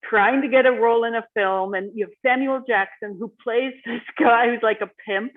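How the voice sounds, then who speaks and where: A woman's voice: fairly high pitch, normal speed. Woman, interviewer, enthusiastic, tinny phone-like sound. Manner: conversational, enthusiastic.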